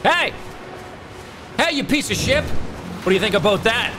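A man giving excitable gameplay commentary who yells and swears at the game. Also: extremely high pitch, measured pace. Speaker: gaming channel host. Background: game music.

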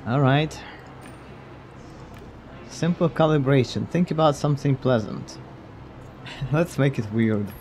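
A man's voice: mid-range voice, takes it slowly, pauses often, a little mellow, a little hiss or hum. A man streaming a detective game, commenting casually in a wry, blunt way with casual swearing. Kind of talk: casual let's-play commentary.

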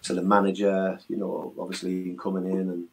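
A middle-aged man talks through old memories in a relaxed interview. His voice sits low, and his stories come out earnest, emotional and a little rambling. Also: a little fast, vocal fry, poor audio. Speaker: former footballer, interview guest. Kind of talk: casual reminiscing interview.

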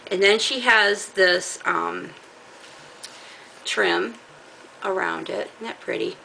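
A middle-aged woman with a gravelly voice, casually chatting as she shows off fabric from a craft haul, rambling and laughing often. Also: medium pitch, slow pace, sharp tone, slight background noise, low-quality recording. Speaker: crafting channel host. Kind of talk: casual haul show-and-tell.

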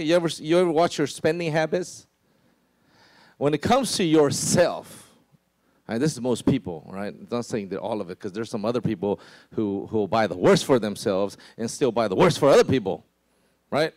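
A pastor preaching a sermon in a conversational way, often asking "right?" and dropping into a lower voice to act out quotes. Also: male voice, a little mellow, no echo. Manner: conversational, many "right?" asides and restarts.

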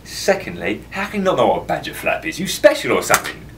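An actor doing a brash cockney wheeler-dealer. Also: male voice, on the high side, huge pitch swings, fast talker, noisy background. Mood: cocky. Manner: cocky slangy patter, calls people mate and son. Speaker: mock interviewee. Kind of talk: mockumentary comedy.

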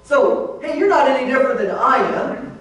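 A pastor gives a conversational sermon in a large church sanctuary, repeatedly addressing his listeners as "guys." His male voice is very high, animated, slightly bright, and moderately paced. The hall is very echoey and he sounds far from the microphone.

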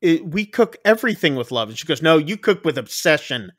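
Animated man retelling a movie. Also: fairly quick. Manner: animated retelling, acting out quotes in big pitch jumps. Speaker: podcast co-host. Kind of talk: casual movie recap chat.

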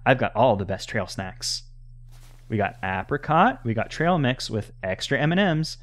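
A man's voice: medium pitch, very animated, normal speed, close to an everyday voice. A man reading aloud the lines of a confident, upbeat local woman who guides hikes in a video game. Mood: reassuring. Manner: reading dialogue aloud, breezy and reassuring.

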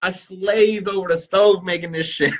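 A man's voice: high-pitched, takes it slowly, a bit bright, highs cut off. A man hosting a casual livestream, joking with viewers and swearing freely. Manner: joking, profane, talks straight to viewers. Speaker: livestream host and parent.

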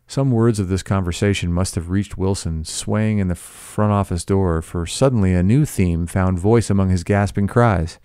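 Deep-voiced male novel reader. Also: normal speed, hardly any pauses, warm tone, clean tone, no echo, studio quality. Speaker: audiobook reader. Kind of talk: scripted novel narration.

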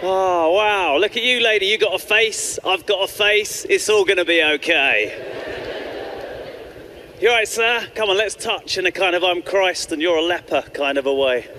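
A man's voice: sits high, normal speed. A man doing a stand-up comedy set, whimsical and rambling, chatting playfully with the crowd on a handheld mic. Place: comedy club stage before a live audience. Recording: live club with audience noise.

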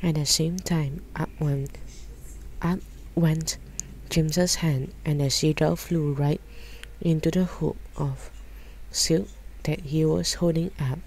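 A woman reading a children's book aloud in calm, measured narration. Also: deep voice, a little hiss or hum, poor audio. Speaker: storyteller.

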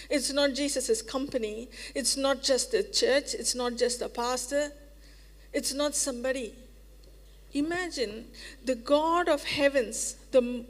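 A woman with an Indian English accent preaching a sermon in earnest tones, repeating key phrases and slowing down when she quotes scripture. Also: sits high. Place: church sanctuary. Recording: long hall reverb.

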